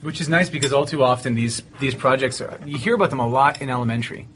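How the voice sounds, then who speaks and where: Brief: quick-talking male teacher, wry, faint ambience behind. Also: mid-range voice, a bit bright, slight background noise. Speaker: teacher, podcast co-host. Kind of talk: casual chat.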